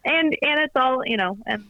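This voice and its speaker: A woman's voice: high-pitched, dry recording. A woman guest on a podcast, chatting casually and acting out quotes as she tells stories over a muffled remote line. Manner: animated storyteller, acts out quotes. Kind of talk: casual chat.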